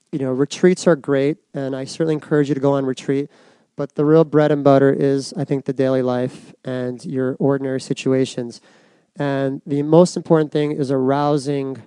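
A middle-aged man giving a reflective personal talk to an audience, soft and unhurried with many pauses. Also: mid-range voice, smooth, no room sound. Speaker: speaker giving a dharma talk.

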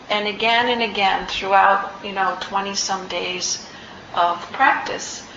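A woman's voice: medium pitch, steady tone, a bit bright, slight background noise. Reflective woman giving a dharma talk. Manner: reflective, unhurried, frequent ums and restarts. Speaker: meditation teacher. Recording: roomy, slightly dull recording.

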